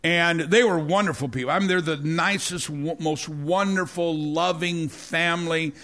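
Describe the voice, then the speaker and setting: A middle-aged male pastor delivering a sermon through a long personal story. His voice sits a little high for a man, and he keeps doubling back on words, stammering and restarting as the story builds. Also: normal speed. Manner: rambling, repeats words, stammers and restarts when excited.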